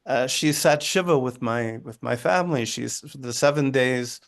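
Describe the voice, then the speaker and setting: Gravelly man telling a story. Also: medium pitch. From United States. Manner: halting, with frequent restarts and asides. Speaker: guest. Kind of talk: conversational storytelling. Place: his living room.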